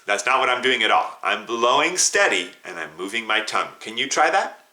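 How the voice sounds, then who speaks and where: A man's voice: medium pitch, sing-song, brisk, background noise. A man teaching a beginner flute lesson, patiently coaching students, counting them in and singing note names and tonguing syllables.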